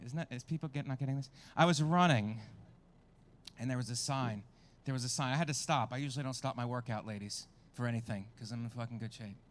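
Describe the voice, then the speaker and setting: A man performing a stand-up comedy set with crude, self-mocking crowd work, at a small outdoor show. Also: medium pitch.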